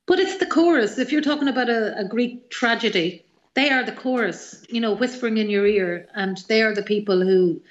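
A middle-aged woman with an Irish accent, a singer-songwriter telling animated, rambling stories as a guest in an interview. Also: on the high side, fairly quick, echoey room, lo-fi sound. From Ireland. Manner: rambling, animated anecdotes with many fillers. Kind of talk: radio interview storytelling.

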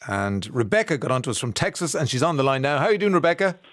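Chatty radio host, dry studio sound. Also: male voice, medium pitch, big pitch swings, fast, fairly bright tone, dry recording. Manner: chatty, teasing, laughs often. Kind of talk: radio phone-in chat. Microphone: studio microphone.

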